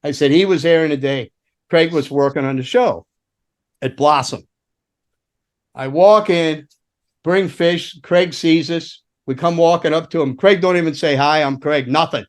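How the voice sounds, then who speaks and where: Veteran roadie guest, male, slightly high pitch, loose and profane storyteller. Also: measured pace. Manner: animated, profane anecdotes. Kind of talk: casual storytelling chat.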